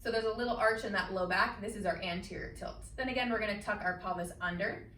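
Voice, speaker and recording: A woman instructor calmly guiding a chair Pilates workout, cueing each breath and movement step by step. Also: medium pitch, quick pace, slight background noise. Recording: echoey room, mic at a distance.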